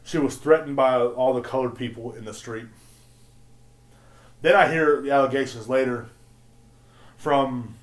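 Slangy, swearing male podcast ranter. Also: medium pitch. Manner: animated, swearing, slangy ranting. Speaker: podcast host. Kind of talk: profane solo podcast rant. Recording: roomy echo.

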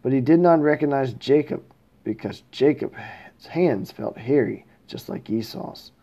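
A man reading scripture passages aloud in a steady way, with occasional slips and self-corrections. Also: medium pitch, unhurried, lo-fi sound. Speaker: scripture reader.

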